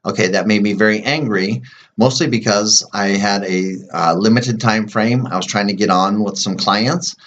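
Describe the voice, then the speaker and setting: Guy with a lowish voice walking you through tapping, slow and plain, lots of ums and okays, kinda dull lo-fi sound. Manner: slow, plain explanations with fillers and repeated "okay"; murmurs repeated tapping phrases softly. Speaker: EFT tapping practitioner. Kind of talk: demonstrating a tapping routine to camera.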